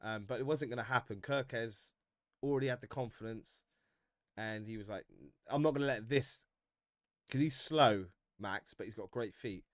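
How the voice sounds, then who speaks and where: A man talks football on a livestream, bantering with his chat and laughing often. His voice sits at an ordinary middle pitch. The sound is dry and close, with no room echo. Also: moderate pace. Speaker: football fan livestream host. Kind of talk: casual livestream chat, reading viewer comments.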